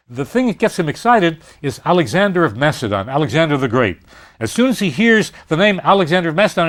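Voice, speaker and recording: A man giving a university lecture on literature, telling the story in an animated way with frequent "uh" fillers. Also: on the high side.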